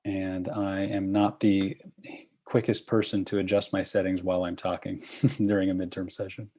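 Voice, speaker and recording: A man with a somewhat low voice teaches over a video call. He is patient and encouraging, and he checks in with his class again and again. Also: little pitch movement, normal speed, a little mellow. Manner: patient, encouraging, checks in with frequent "okay?" and "right?". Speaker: course instructor. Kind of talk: online review session.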